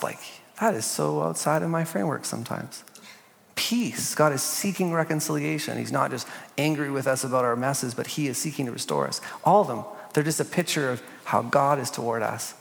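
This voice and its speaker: A man leading a church panel discussion, earnest, reading prayers slowly and softly. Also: on the high side, vocal fry. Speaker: pastor. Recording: long hall reverb.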